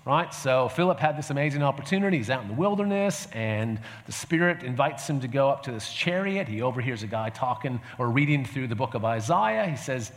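A man's voice: medium pitch, lively intonation, a little fast, few pauses. Guy teaching a church group, chatty, keeps saying right?, big echoey hall. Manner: conversational, fillers and restarts, asks audience "right?". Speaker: pastor. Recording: reverberant hall sound.

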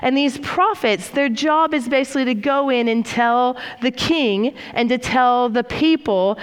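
A woman's voice: high voice, unhurried, few pauses, clear, resonant tone. A woman preaching a sermon in a conversational, reflective way, with frequent fillers and restarts, in a church hall. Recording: reverberant hall.

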